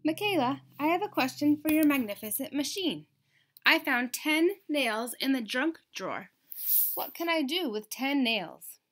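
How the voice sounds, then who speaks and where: A woman doing a bright, cheerful young girl inventor. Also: sits high, animated, unhurried, pitched above the performer's own voice. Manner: friendly greetings.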